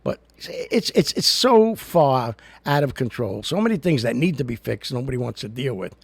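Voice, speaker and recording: Gravelly, husky man rambling casually. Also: mid-range voice, moderate pace, dry recording. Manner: rambling, chatty, animated ranting. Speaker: host. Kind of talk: casual livestream monologue. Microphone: studio recorder mic.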